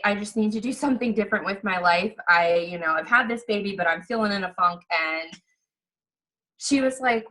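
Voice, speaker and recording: A woman's voice: mid-range voice, bright, forceful tone, poor audio. A woman in her thirties telling her personal story as a fitness coach, chatty and earnest with lots of fillers, acting out quoted conversations. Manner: acts out quoted exchanges in livelier voices. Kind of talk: personal testimonial.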